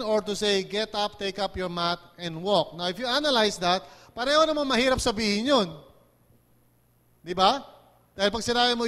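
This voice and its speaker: Filipino pastor guy preaching, highish voice, big echoey hall, keeps asking amen. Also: a bit bright. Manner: mixes English and Tagalog, asks "di ba?" and "amen?" often. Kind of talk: sermon.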